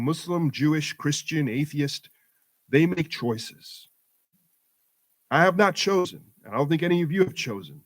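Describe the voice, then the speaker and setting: A middle-aged man giving an impassioned talk to a community audience at a mosque event, building his points through emphatic rhetorical repetition. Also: on the high side. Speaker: guest speaker at community program.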